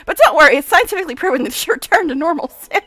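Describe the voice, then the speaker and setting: Woman reader voicing a game's excitable female scientist: high, lively, clinical lectures, dry close sound. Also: very fast, dry recording. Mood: eccentric. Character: eccentric, excitable female scholar obsessed with science. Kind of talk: reading game dialogue aloud.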